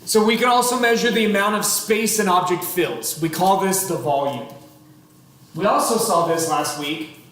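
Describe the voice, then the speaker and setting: A man's voice: sits high, moderate pace, fairly bright tone. A man in his thirties teaching a chemistry class, chatty with dry sarcastic humor and asides to his students. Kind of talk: classroom lecture. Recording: very echoey classroom, faint room noise.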